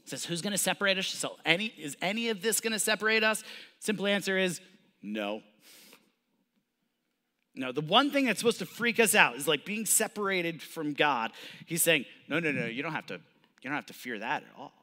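A man's voice: on the high side, animated, moderate pace, sharp tone, big-room sound. A man preaching a sermon as pastor, conversational and casual, building up with emphatic repetition. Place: church sanctuary.

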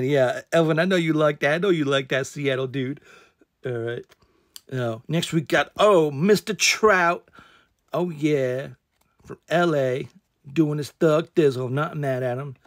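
A man's voice: a little high, no room sound, clean studio sound. A man hosting a casual card unboxing, rambling with lots of fillers and repeated exclamations.

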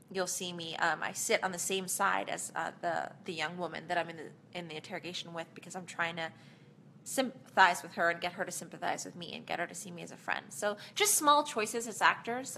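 An actress casually answering fan questions in a live Q&A, chatty and rambling, with plenty of fillers and small laughs. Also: female voice, fairly low pitch, creaky, bright, forceful tone, slight background noise.

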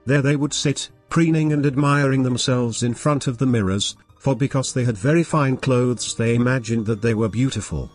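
A man narrating a fairy tale as a scripted bedtime story, reading calmly and gently at a steady pace. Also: mid-range voice, normal speed, hardly any pauses, husky, soft background music.

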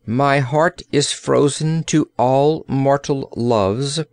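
A man voicing a cold-hearted, aloof young princess who speaks calmly and coldly. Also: a little high, clear, resonant tone, dry recording, voice pushed up. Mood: icy. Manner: calm, cold, measured.

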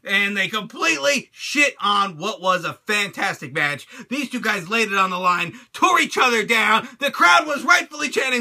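A man hosting his own channel, reviewing a wrestling show in an animated, crude rant full of swearing and laughter. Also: high voice, normal speed, vocal fry, few pauses.

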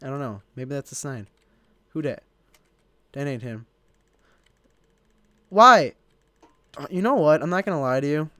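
With a mid-range voice, lively intonation, and a brisk delivery broken by long pauses, a young man from Illinois, United States, rambles through casual gameplay commentary on his gaming channel. He chats away to himself and his viewers while playing. The audio has no room sound.

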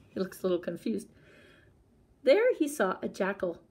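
A librarian reading a picture book aloud for children, with chatty asides about the pictures. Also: female voice, mid-range voice, sing-song, normal speed, breathy edge. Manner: chatty asides with soft laughs. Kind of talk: storytime read-aloud.

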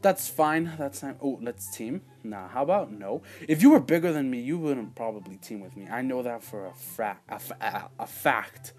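A man giving casual let's-play commentary as a gaming channel host, rambling and excitable, with sudden loud outbursts and quiet asides. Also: medium pitch, moderate pace, few pauses, faint music behind.

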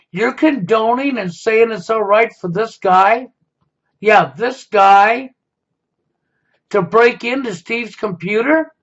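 Man, high voice, accusatory monologue, dull lo-fi recording. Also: fairly bright tone. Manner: confrontational, repeats "okay?". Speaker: YouTube commentator. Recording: dull lo-fi sound.

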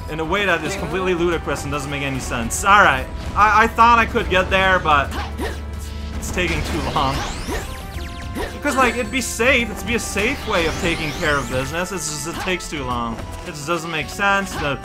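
A man's voice: sits high, big pitch swings, moderate pace. A man with a Quebec French accent giving rambling, joking gameplay commentary, sometimes singing snatches of songs. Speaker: let's play host. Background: game music.

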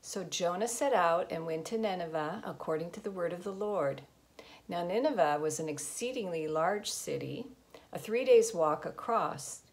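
Gravelly-voiced woman reading scripture. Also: lowish voice, moderate pace. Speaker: lector.

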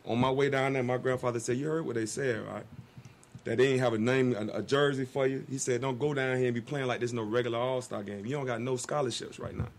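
Fast-talking man telling stories. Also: medium pitch. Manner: animated, acts out quotes. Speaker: guest storyteller. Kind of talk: casual storytelling.

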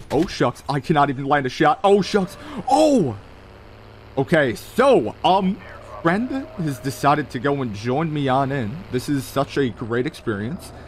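A man's voice: fairly high pitch, slight background noise, low-quality recording. A young man streaming a mobile shooter, giving hyped play-by-play commentary and talking straight to his chat with lots of exclamations. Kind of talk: excited gameplay commentary.

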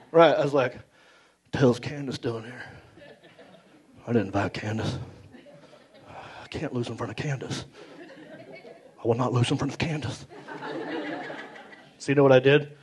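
A man telling an animated stand-up story on stage, acting out other people in big voices. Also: medium pitch, moderate pace, long pauses. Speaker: stand-up comedian. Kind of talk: stand-up comedy set. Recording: live club recording, roomy, loud crowd. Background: audience laughter.

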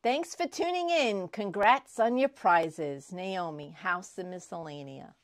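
Slow-talking excitable woman unboxing prizes. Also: lowish voice, no room sound. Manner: gushing, excitable, repeats herself. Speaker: crafting vlogger. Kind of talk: casual unboxing vlog.

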